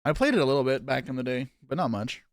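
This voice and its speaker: Opening trading card packs live, a young man talks casually and responds to his chat with quick asides. His mid-range voice has a lively intonation, and the clean studio audio carries no echo.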